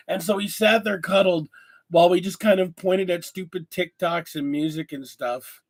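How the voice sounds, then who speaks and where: Tired high-voiced man with a cough. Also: normal speed. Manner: rambling, candid, swears casually. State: tired, lingering cough after illness. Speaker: host. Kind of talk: casual chat to camera.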